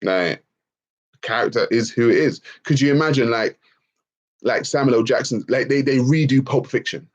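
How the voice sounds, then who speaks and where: A man's voice: mid-range voice, moderate pace, muffled recording. A man hosting a livestream Q&A, ranting emphatically and swearing freely as he answers the chat. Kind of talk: livestream Q&A rant.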